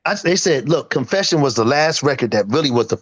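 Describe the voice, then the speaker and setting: A man's voice: mid-range voice, animated, brisk, breathy edge, highs cut off. A man in his fifties, a singer and producer giving an interview, talking emphatically and boastfully and acting out what friends told him. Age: 50s. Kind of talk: animated casual interview talk.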